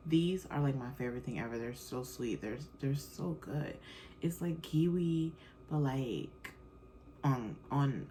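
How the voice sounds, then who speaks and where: A woman's voice: a bass voice, lively intonation, a little slow, dark tone, a little hiss or hum, poor audio. Chatty woman podcast host, loose slang. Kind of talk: casual chat.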